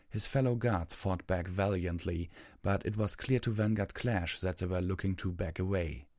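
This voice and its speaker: Deep-voiced man reading a story. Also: creaky, no echo, clean studio sound. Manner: steady, measured reading. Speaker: narrator. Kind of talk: scripted audiobook narration.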